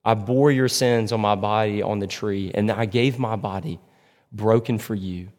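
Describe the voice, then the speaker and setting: A man's voice: fairly low pitch, steady tone, normal speed, a little mellow. Male pastor preaching in a reverberant hall. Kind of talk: sermon.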